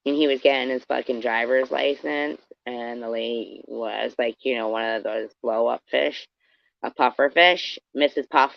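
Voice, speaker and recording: Gravelly-voiced woman chatting on a stream. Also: rumbling low, fairly even intonation, moderate pace, dry recording. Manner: rambling, swearing, greets chat viewers by name. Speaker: live streamer. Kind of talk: casual live-stream chat with viewers. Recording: dry, dull lo-fi stream audio.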